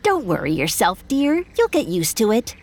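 A woman's voice: fairly high pitch, huge pitch swings, normal speed, a little mellow. A woman voicing a grieving mother turned into a bat, tearful and strained in a storybook tale. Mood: soothing.

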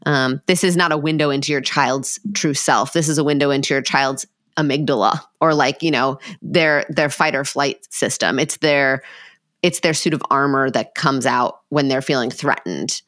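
A woman's voice: very deep voice, moderate pace, a bit bright, no echo, studio quality. A woman psychologist hosting a podcast, talking through parenting in a reflective, conversational way and voicing parents' inner thoughts.

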